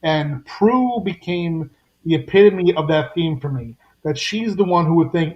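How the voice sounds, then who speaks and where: A man on a podcast recapping a comic in casual chat, reading lines briskly and giving his opinions. His voice sits a little high. The sound is roomy and somewhat dull. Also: lively intonation, darkish tone. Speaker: podcast co-host.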